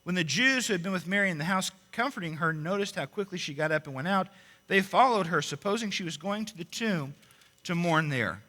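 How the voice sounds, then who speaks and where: Impassioned preacher in a reverberant church. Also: male voice, sits high, lively intonation, fairly quick. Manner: impassioned preaching, swinging between loud proclamation and quiet intensity. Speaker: pulpit minister. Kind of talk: sermon. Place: church sanctuary.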